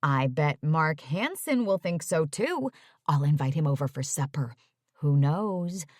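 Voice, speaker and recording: A woman's voice: sits low, animated, measured pace, darkish tone, no echo, studio quality, pitched below the performer's own voice. A woman voicing an older mother who gushes and chatters on, talking over everyone, read in an audiobook. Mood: chattering. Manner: effusive, talks over others.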